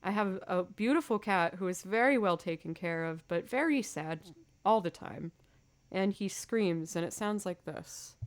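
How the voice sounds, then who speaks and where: A woman's voice: mid-range voice, measured pace. A woman music streamer in casual live-stream chat, rambling, chatty and self-deprecating.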